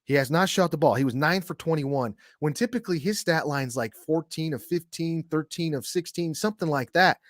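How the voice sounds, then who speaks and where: Male co-host talking sports, rambling and repetitive, slightly high pitch, dry recording. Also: a little fast, few pauses, no room sound. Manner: rambling, many restarts and repeats. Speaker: podcast co-host, middle school coach. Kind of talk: casual sports talk.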